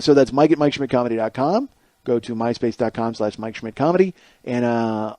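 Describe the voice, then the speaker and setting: A man's voice: medium pitch, dark tone, no echo. A man hosting a comedy podcast, delivering a sarcastic, exasperated rant full of profanity.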